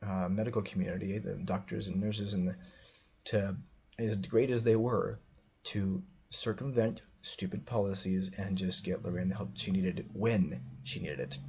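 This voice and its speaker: A man's voice: sits low, fairly even intonation, normal speed, creaky, a little mellow, slightly rough, muffled recording. A man telling a personal story as a podcast host, rambling with many restarts and fillers.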